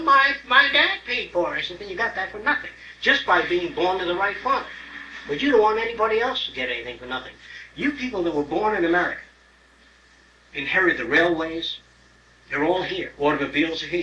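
A man's voice: fairly high pitch, highs cut off, slight background noise. An older man giving a live lecture, blunt and profane, telling stories and acting out quotes. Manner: blunt, profane, animated storytelling with acted-out quotes. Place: lecture hall. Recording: roomy 1979 lecture tape, mic at a distance.

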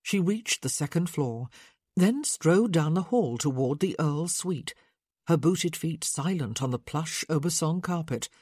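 Husky woman narrating a romance audiobook. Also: sits low, no room sound, clean studio sound. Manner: expressive, measured storytelling.

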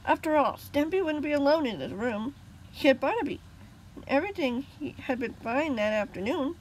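A woman's voice: high-pitched, expressive, moderate pace, slight background noise, low-quality recording. A woman reading her own story aloud, casual, with small slips and restarts.

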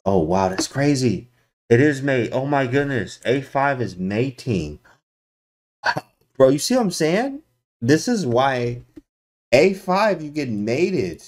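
A man streaming chess analysis to his chat in a casual, slangy way with sudden loud exclamations. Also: mid-range voice, big pitch swings, slow pace, long pauses. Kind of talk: casual livestream commentary.

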